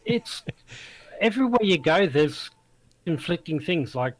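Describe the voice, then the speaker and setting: A man's voice: fairly high pitch, very animated, measured pace, no room sound, poor audio. An Australian man speaking as a guest, laid-back and wry in casual conversation. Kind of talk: casual chat.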